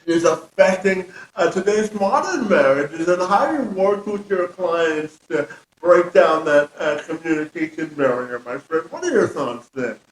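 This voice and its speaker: A man's voice: fairly high pitch, animated, measured pace, distant mic. A man hosting an interview podcast, who asks long questions full of "uh" and "um". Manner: rambling questions with many fillers. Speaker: podcast host. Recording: echoey room, off mic.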